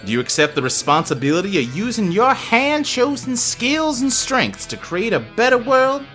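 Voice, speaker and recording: A man's voice: very high voice, very animated, moderate pace, fairly bright tone, faint music behind, pitched above the performer's own voice, exaggerated voice. A man voicing a cheerful new head butler, a woman with an upbeat, sing-song manner. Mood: chipper.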